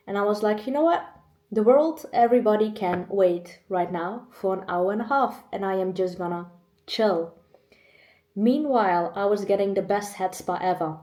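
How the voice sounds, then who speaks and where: A woman's voice: medium pitch, warm tone. A young woman in her twenties speaks candidly to her camera, rambling and close to tears. Her voice sits in a middle register. The room around her rings and echoes. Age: 20s. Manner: emotional, chatty, laughs often. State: choked up, on the edge of tears. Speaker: vlogger. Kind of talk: candid personal vlog. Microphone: camera mic.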